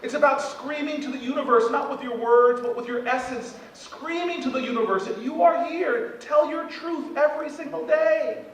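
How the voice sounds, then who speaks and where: A man in his forties giving an animated motivational speech, joking with the audience, recorded from far off in a large event hall. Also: very high-pitched, moderate pace, few pauses, slight background noise. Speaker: keynote speaker at a leadership event.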